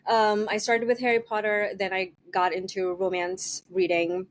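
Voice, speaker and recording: A woman's voice: mid-range voice, flat delivery, moderate pace, slight background noise. Nasal woman getting over a cold. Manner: rambling, hesitant with many ums, laughs often. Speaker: author guest. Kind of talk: casual interview chat.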